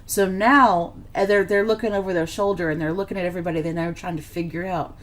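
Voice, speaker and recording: A woman's voice: lowish voice, fairly even intonation, fast talker. Tired woman giving a history lecture. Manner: conversational, filler-heavy, checks in with "okay" and "right". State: yawning, a bit tired. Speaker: history teacher. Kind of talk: classroom lecture on slides.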